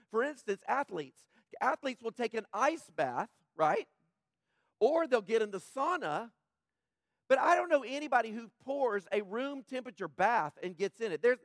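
A man preaching a sermon as pastor, his voice slightly rough, talking conversationally and joking with the congregation. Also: very high voice, fairly bright tone, no room sound, clean studio sound.

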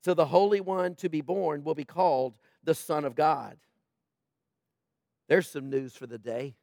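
High-voiced man preaching, dry sound. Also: measured pace, creaky, darkish tone, no echo. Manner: conversational preaching, jokes with the congregation. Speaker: pastor. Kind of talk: sermon.

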